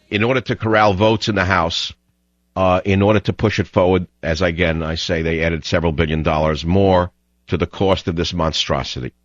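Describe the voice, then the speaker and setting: A man's voice: deep voice, a bit bright, no echo. A man hosting talk radio, delivering an emphatic, fiery ranting monologue on dull lo-fi audio.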